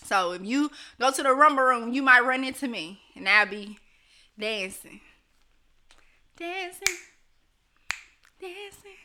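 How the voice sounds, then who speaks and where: Bright, high-voiced chatty woman host. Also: a little fast, few pauses, a little hiss or hum. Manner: chatty, laughs often, talks straight to viewers. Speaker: live stream host. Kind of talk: casual live chat reading comments.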